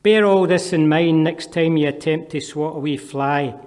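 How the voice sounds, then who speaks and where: A man's voice: fairly high pitch, normal speed, darkish tone. Scottish man reading poems in a hall. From Scotland. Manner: dry, wry asides between poems. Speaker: poet. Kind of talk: poetry reading. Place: performance venue with long reverb. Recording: reverberant hall.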